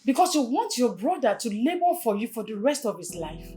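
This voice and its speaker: A woman's voice: a little high, sing-song, brisk, warm tone, soft background music. An actress with a Nigerian accent playing a blunt young friend who scolds her. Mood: scolding. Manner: scolding, preachy. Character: frank young female friend, scolding and honest.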